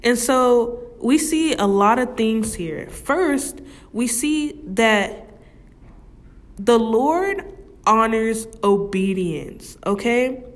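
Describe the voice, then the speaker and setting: Slow-talking woman teaching the Bible. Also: on the high side, lively intonation. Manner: slow, conversational, often asks "right?"; reads scripture slowly and deliberately. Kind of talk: casual Bible study talk.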